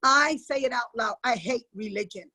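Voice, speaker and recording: Husky woman giving a fervent testimony. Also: a little high, moderate pace, sharp tone, rough recording. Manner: emphatic, preaching cadence. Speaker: panel guest. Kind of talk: impassioned faith testimony. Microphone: video call.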